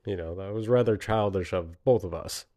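Late-30s man, low voice, solo reflective rambling monologue, self-amused. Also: moderate pace, mellow. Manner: rambling, laughs often at himself. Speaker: podcaster.

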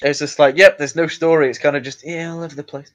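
Male co-host, slightly high voice, sweary banter and stubborn arguing. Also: little pitch movement, fast talker, muffled recording. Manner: sweary, jokey, argumentative. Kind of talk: casual chat.

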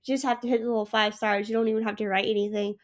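A woman's voice: mid-range voice, level tone, very fast. A sick young woman hosting her own podcast, gushing and emotional in a rambling casual chat. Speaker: podcast host.

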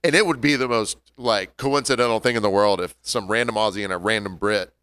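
A man co-hosting a podcast, telling rambling, halting anecdotes in casual chat. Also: on the low side, fairly bright tone, smooth, dry recording, studio quality. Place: podcast studio.

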